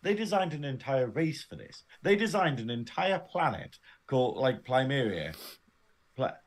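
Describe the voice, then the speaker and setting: A man's voice: mid-range voice, very animated, normal speed. A man co-hosting a casual review podcast, laughing often as he retells scenes. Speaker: podcast co-host.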